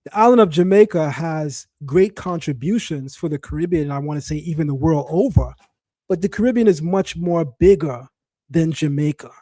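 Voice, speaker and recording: A middle-aged man, the son of West Indian parents, hosting a commentary talk to a live chat in an animated, mocking, emphatic way, often restarting his phrases. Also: fairly high pitch, moderate pace, no echo, clean studio sound. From child of West Indian parents. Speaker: host.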